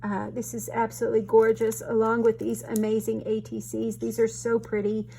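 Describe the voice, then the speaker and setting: A woman, hosting a casual craft show-and-tell, gushing over pieces and halting through restarts, her voice choked and tearful. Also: fairly high pitch, completely flat delivery, creaky, warm tone, husky. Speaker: craft channel host.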